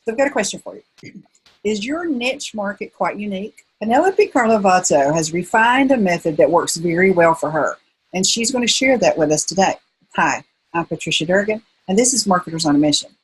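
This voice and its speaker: A woman's voice: mid-range voice, a little fast, husky, poor audio. A woman hosting an interview podcast, asking questions in a friendly, inquisitive way. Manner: friendly, lively greeting, inquisitive. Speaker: podcast host.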